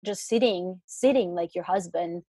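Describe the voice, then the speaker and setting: A woman's voice: lowish voice, moderate pace, dark tone, husky, dry recording. A woman talking about spiritual work in casual chat, rambling with many restarts and fillers. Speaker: spiritual guest.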